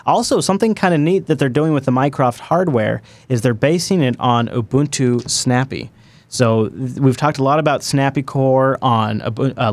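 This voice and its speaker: Guy hosting a linux podcast, super excited, dry close mic sound. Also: medium pitch, no room sound. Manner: excitable, emphatic, quick asides. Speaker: podcast host. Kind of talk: enthusiastic tech podcast chat.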